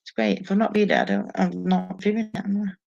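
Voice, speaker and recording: A woman alone at home hosts a relaxed live stream, chatting through viewer comments with frequent laughs and swearing. She speaks briskly in a mid-range, level voice that's a little mellow, with vocal fry. Dull, lo-fi audio.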